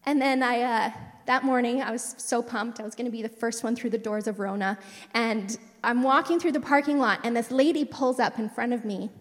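A woman's voice: fairly high pitch, brisk. Chatty woman in a reverberant hall. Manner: chatty, digressive, warm storytelling with asides. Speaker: church speaker sharing a testimony. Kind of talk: personal testimony sermon. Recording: long reverb of a large hall.

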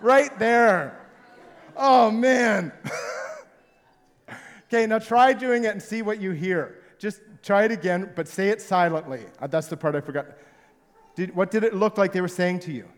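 High-voiced male pastor in echoing hall. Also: a little fast. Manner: playful, jokey storytelling. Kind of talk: sermon with audience participation. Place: large hall with live congregation. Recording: long hall reverb.

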